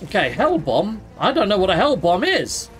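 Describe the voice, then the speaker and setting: A British man who hosts a gaming channel, talking through his play in a casual, excitable way and yelping when things go wrong. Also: high voice, normal speed, soft background music. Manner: excitable, exclaims and yelps during fights. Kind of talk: casual let's-play commentary.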